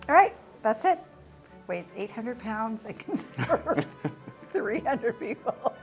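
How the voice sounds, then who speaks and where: A chatty woman hosts a relaxed cooking demonstration from her home kitchen and laughs easily. Music plays clearly behind her voice. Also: fairly high pitch, measured pace. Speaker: cooking show host. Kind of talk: casual cooking demo.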